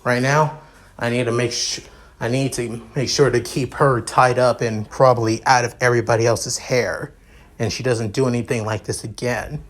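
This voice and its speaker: A man voicing a cool, blunt young prince who talks in a dry, matter-of-fact, rushed way. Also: medium pitch, steady tone, close to an everyday voice.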